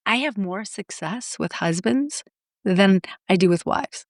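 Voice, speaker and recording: A middle-aged woman coach telling stories in an interview, blunt and lively, acting out her clients' lines. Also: mid-range voice, unhurried, no echo, studio quality. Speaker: guest, marriage coach. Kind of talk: animated storytelling interview.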